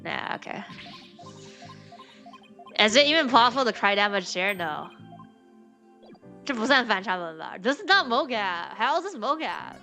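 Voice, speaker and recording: A woman streams a game and chats through it in casual, slangy asides, often breaking into giggles. Her voice is bright and sharp. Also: mid-range voice, sing-song, normal speed, pauses often, faint music behind. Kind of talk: let's play commentary.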